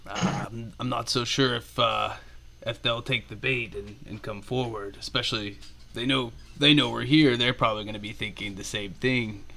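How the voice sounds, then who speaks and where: A man's voice: mid-range voice, steady tone, normal speed, gravelly, sharp tone. A man playing in an online tabletop game, thinking aloud hesitantly with restarts and fillers. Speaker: player. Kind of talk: casual tabletop game chat.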